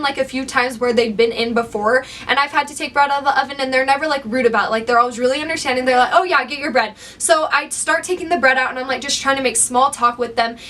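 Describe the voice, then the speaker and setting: A young woman vlogger casually telling a work story, animated and acting out what people said. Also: high-pitched. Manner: animated storyteller, acts out quotes. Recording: slightly distant mic, faint background noise.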